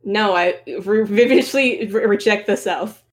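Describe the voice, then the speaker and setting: A woman's voice: mid-range voice, normal speed. A woman co-hosting a casual podcast who pokes fun at herself. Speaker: podcast co-host. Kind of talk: casual chat.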